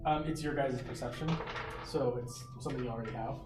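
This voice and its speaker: A man running a tabletop game as game master, quick and laughing as he explains the rules. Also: mid-range voice. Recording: echoey room, far from mic, music.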